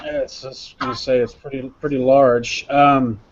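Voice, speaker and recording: A man's voice: mid-range voice, flat delivery, moderate pace, slight background noise. A man playing a tabletop game, chatting in an easygoing, hesitant way. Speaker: player. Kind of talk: casual tabletop game chat. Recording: dull lo-fi sound.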